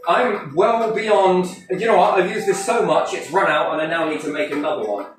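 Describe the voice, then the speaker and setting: A high-pitched man talks to a group at normal speed, playful and rambling, cheeky and animated as he swears freely and acts out quotes. The mic is distant in an echoey room with faint noise.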